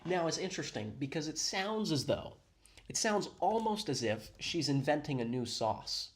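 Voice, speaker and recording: Man, sarcastic reaction commentary, mock-admiring, animated intonation. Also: a little high, normal speed. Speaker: reaction video host.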